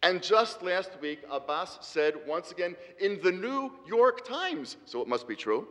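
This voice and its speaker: A man's voice: sits high, sing-song, a little slow, fairly bright tone. A middle-aged man giving an emphatic debate speech with rhetorical repetition, speaking in a large hall. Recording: hall reverb.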